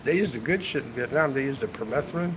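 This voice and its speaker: A man's voice: medium pitch, lively intonation, fast talker, noisy background. A man chatting casually on a travel livestream from a hotel rooftop, rambling and swearing, ending his sentences with "man". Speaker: travel vlogger. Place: hotel rooftop seating area, outdoors.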